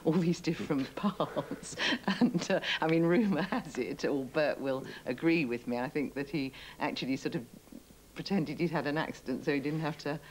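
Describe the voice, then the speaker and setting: Gossipy guest speaker, mid pitch. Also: moderate pace, a little hiss or hum, rough recording. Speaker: guest recalling the film. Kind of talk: casual chat.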